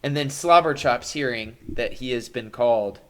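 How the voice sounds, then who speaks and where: A man's voice: mid-range voice, normal speed, a bit bright. A man narrating a live-streamed tabletop game as game master, playful and jokey, with frequent fillers.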